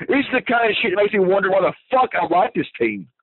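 A man's voice: high voice, sing-song, fast talker, slightly rough, no room sound. A man calling in to a fan radio show, ranting furiously with constant profanity. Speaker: caller. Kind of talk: angry fan rant over the phone. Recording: tinny phone line, dry.

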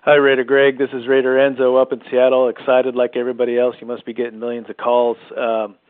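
A man's voice: medium pitch, completely flat delivery, fast. A male caller leaving an enthusiastic message on a show's call-in line, talking with many fillers. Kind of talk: call-in voicemail. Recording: tinny phone line.

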